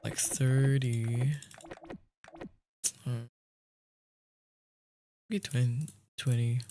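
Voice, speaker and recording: During a gaming livestream, a young man with a dark, medium-pitched voice draws out his words in a fairly even intonation. He chats casually, rambles, and laughs often, over faint background music and slight background noise.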